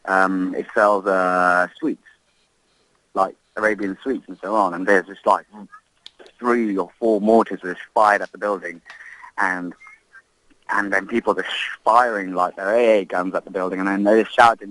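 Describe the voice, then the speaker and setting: A man, an expat giving an impassioned interview update, halting and repeating himself as he speaks. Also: sits low, fairly even intonation, fairly bright tone, poor audio. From Libya. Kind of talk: emotional interview.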